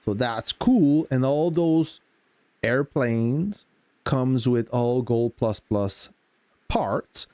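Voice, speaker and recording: A man hosting a game live stream, greeting chat viewers and explaining game mechanics in relaxed casual talk. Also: medium pitch, drawn-out words, no echo.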